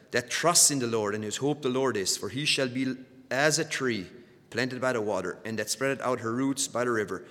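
A man preaching a sermon with a middle-pitched voice. He trips over repeated words as he builds, pushing harder on the lines he wants to land. The sound rings with a long reverb, as in a large hall. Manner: repeats words when stirred, surges louder on key points.

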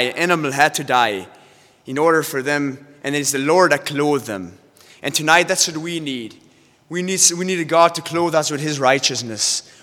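Earnest preacher in a reverberant hall. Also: male voice, a little high, bright, forceful tone. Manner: earnest, repetitive, restarts often. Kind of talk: sermon reading scripture.

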